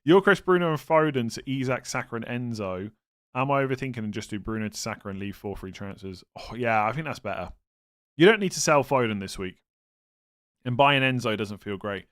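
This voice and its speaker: Young male streamer, mid-range voice, relaxed chat-reading delivery with self-deprecating jokes. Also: mid-range voice. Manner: thinks aloud, reads chat, self-mocking humor. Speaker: streamer answering viewer questions. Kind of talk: casual live stream chat.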